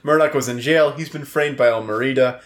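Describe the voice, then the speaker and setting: A man's voice: mid-range voice, fairly quick. A man co-hosting a comedy podcast, reading an article aloud in a spotty, exaggerated British accent, with dry jokes. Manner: reads in an exaggerated intermittent British put-on accent. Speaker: podcast co-host.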